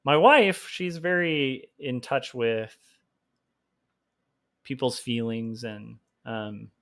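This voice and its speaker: A man's voice: mid-range voice, very slow, fairly bright tone. Rambling man chatting on a stream. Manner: rambling with many fillers, self-deprecating, laughs often. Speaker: livestream host and comic artist. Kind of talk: casual chat while drawing.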